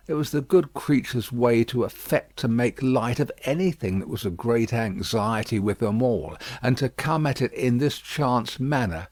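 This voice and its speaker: A man narrating a classic novel as an audiobook, measured and expressive. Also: medium pitch, no room sound. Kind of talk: scripted narration.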